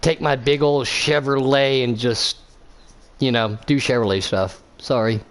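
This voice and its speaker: A male race commentator calling a sim racing event live. His voice sits at an ordinary middle pitch, and he wanders from the action into jokes and side stories. He leans on lots of "uh"s as he goes. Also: fairly even intonation, unhurried. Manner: rambling, jokey, lots of fillers.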